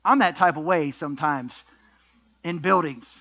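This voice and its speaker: A man's voice: fairly high pitch, moderate pace, bright, forceful tone, lo-fi sound. A middle-aged man preaching a sermon as pastor, emphatic, with repeated refrains and rhetorical questions.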